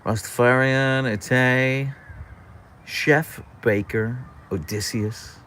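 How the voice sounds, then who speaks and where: A man's voice: medium pitch, steady tone, very slow, fairly bright tone, slight background noise. A man hosting a casual livestream from an outdoor deck, chatting and answering viewer comments into a camera on a tripod. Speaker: livestream host.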